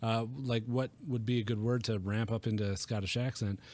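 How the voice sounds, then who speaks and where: A man's voice: mid-range voice, fairly even intonation, a little fast, a little mellow, dry recording. A man co-hosting a gaming podcast in casual chat, who laughs often and lets his sentences trail off. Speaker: podcast co-host.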